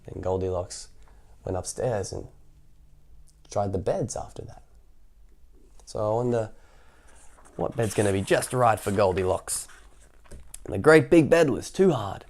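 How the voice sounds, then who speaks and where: A man's voice: on the low side, unhurried, pauses often, darkish tone. A man reading a children's picture book aloud, in a playful way with chatty asides between passages. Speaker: children's story reader.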